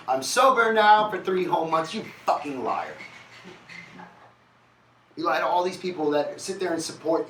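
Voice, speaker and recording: A man's voice: mid-range voice, a little hiss or hum, pitched above the performer's own voice, close to an everyday voice. A man voicing his fed-up wife, scolding and profane, in an echoey room from a distant mic. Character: fierce fed-up wife, stern and blunt.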